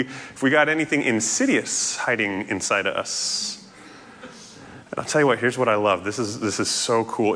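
A man preaching a sermon in an animated, playful way, jumping to loud highs and dropping to quiet asides. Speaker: pastor. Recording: echoey hall reverb.

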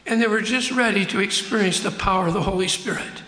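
An older man preaches a sermon in a church sanctuary, his voice high and bright. He acts out the quotes and drags out key words for emphasis. The room rings with a long, echoey reverb. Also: fast. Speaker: pastor. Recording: echoey hall.

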